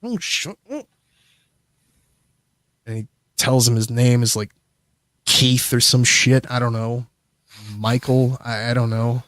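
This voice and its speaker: A man's voice: medium pitch, little pitch movement, unhurried, fairly bright tone, no echo, clean studio sound. A man casually telling a long, rambling, profane story as a guest on a livestream. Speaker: streamer guest.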